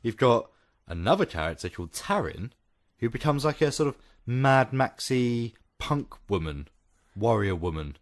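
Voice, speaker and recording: A man co-hosting a casual podcast, his pitch rising and falling freely as he jokes around. He sits in the middle range for a male voice and laughs often between remarks. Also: moderate pace. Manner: animated, laughs often, jokey. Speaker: podcast co-host.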